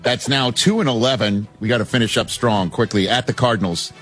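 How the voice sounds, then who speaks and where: A man's voice: mid-range voice, brisk, a bit bright, faint music behind. A man hosting a sports talk radio show, trading brash, teasing banter with callers. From New York area.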